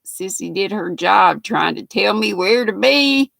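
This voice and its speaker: Gravelly Southern granny, slow drawl. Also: female voice, medium pitch, animated, fairly bright tone, no echo. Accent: Southern US, North Carolina. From North Carolina. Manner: folksy, chatty, laughs often. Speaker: livestream host. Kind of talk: casual live chat reading viewer comments.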